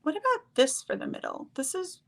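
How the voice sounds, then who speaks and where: A woman's voice: very high-pitched, sing-song, fairly quick, rough recording. A woman chatting casually while doing her makeup on a stream, rambling and searching for words as she goes.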